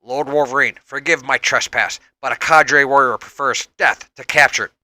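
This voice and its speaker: A courtly young alien warrior, as a man plays him, formal and earnest. He speaks in a bright, firm voice. The recording is close and dry. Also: mid-range voice, steady tone, moderate pace, dry recording.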